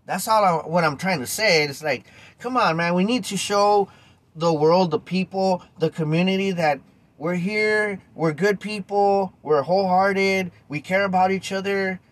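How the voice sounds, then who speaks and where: A man, hosting a podcast and telling a story straight to his listeners in a loose, animated way with casual swearing. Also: sits high, a little slow, no room sound. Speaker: podcast host.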